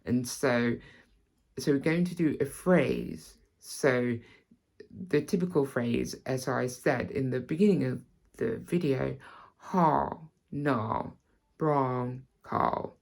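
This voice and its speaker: British woman tutor, very deep and unhurried, gravelly edge, halting repeats. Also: mellow. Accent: British, non-RP. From Britain. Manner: halting, repeats words, starts many lines with "so". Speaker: accent teacher. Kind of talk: accent tutorial.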